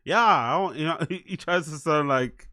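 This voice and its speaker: A man's voice: on the high side, moderate pace, sharp tone, no room sound, clean studio sound. A man hosting a live stream, reacting casually, swearing freely and repeating himself between laughs.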